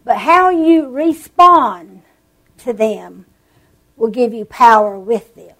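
A woman preaching a sermon, telling stories with animated emphasis and drawn-out words. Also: on the high side, low-quality recording.

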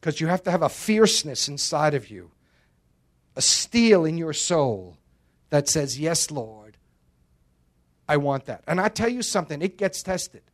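A man's voice: a little high, sing-song, moderate pace. A male preacher giving a sermon in an emphatic, dramatic way, with joking asides.

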